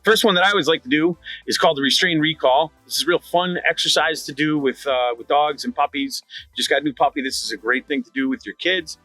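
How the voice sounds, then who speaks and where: A middle-aged man teaching dog training in a lively conversational way, repeating his key points. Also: a little high, fast, no room sound, soft background music. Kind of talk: instructional talk to camera.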